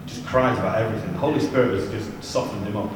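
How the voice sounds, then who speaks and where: Rattling along fast, a man with a fairly low voice tells chatty, joking anecdotes and asides at a youth ministry seminar. The recording is distant and echoey, made in a big church hall, and the background is noisy.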